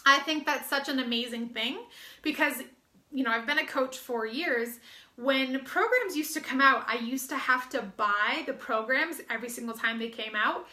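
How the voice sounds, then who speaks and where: A woman's voice: high voice, normal speed, sharp tone, reverberant. An American woman coach giving an upbeat, chatty promotional talk, slightly out of breath, with fillers and restarts. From United States. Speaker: fitness business coach.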